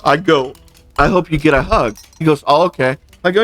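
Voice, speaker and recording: A man's voice: on the high side, lively intonation, normal speed, a bit bright, faint music behind. A man chatting casually while gaming, telling a long complaint story and acting out both sides of the conversations he quotes. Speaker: gaming channel host.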